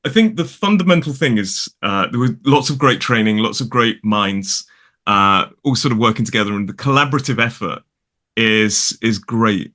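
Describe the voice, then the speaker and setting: A man with a British English accent, an English teacher talking casually as a guest from a home studio in a spare room, chatty and quick to correct himself. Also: lowish voice, expressive, bright, forceful tone. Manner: chatty, self-correcting, laughs often. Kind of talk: casual conversation.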